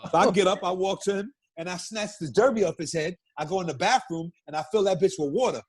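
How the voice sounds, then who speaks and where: A middle-aged man from Brooklyn, a guest telling stories in a casual interview, animated and profane, acting out what people said. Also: sits high, fast, breathy edge. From Brooklyn, New York. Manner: animated, profane storyteller who acts out quotes.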